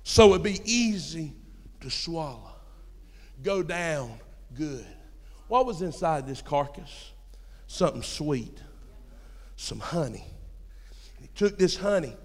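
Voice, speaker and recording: A high-voiced young pastor with a drawl preaches in a church sanctuary. He tells folksy stories and swings between hushed asides and shouted points. A long hall reverb trails every phrase. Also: sing-song, takes it slowly, long pauses. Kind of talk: sermon.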